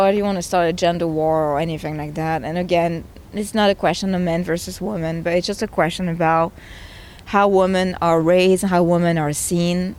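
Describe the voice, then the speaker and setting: Earnest lower-voiced woman. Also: darkish tone. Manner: earnest and emotional, speaks with conviction. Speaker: interviewee, game creator. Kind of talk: conversational interview. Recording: faint background noise.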